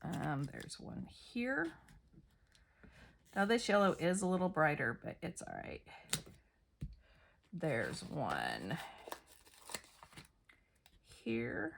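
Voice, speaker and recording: A middle-aged woman narrates a scrapbook layout in a chatty, self-mocking way, thinking aloud as she works. Her fairly low voice swings hugely in pitch, with drawn-out words, vocal fry, and long pauses, plus slight background noise.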